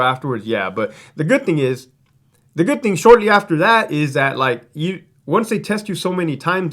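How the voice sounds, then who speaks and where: A man's voice: medium pitch, fairly bright tone. A man who once worked as a prison guard, telling a story in a blunt, casual way, full of swearing and fillers like "like" and "right?". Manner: blunt, profane, conversational with many fillers.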